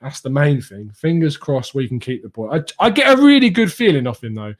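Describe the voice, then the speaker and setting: A man's voice: on the high side, big pitch swings, fairly quick. A young man, hosting a casual fan live stream, reading viewer comments and laughing often. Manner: chatty, laughs often, reads comments aloud. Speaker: fan channel host reading live chat.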